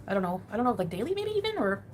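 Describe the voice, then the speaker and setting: A woman's voice: on the high side, sing-song, rapid-fire, slight background noise. A woman livestreamer chatting casually with viewers, rambling and laughing at herself.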